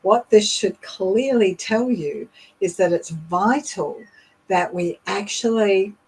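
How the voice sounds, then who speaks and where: A woman hosting a leadership show, explaining in a measured, instructive way with occasional fillers. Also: mid-range voice, a little mellow, slightly rough, low-quality recording. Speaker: leadership coach and podcast host. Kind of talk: instructional talk.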